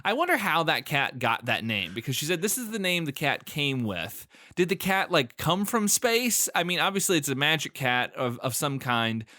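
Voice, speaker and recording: A man's voice: on the high side, sing-song, moderate pace, few pauses, sharp tone, no room sound, studio quality. A man co-hosting a movie podcast in casual chat, laughing often as he recaps scenes and speculates about the plot. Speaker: podcast co-host.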